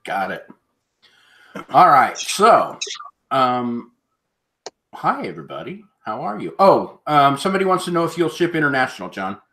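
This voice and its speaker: A man's voice: mid-range voice, very animated, normal speed, long pauses, bright, forceful tone. A man hosting a live auction stream, chatting casually in an easygoing, rambling way. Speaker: auction show host.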